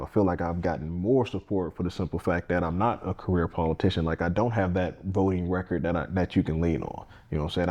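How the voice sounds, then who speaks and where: A man's voice: low voice, darkish tone. A man, a candidate speaking earnestly and plainly in a casual interview, often restarting his sentences. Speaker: congressional candidate and firefighter.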